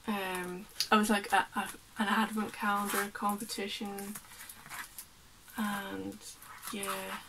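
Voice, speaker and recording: A woman's voice: medium pitch, noisy background. A woman artist chatting casually and rambling as she unpacks her work, laughing often. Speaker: artist vlogger. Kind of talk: casual chat while unpacking.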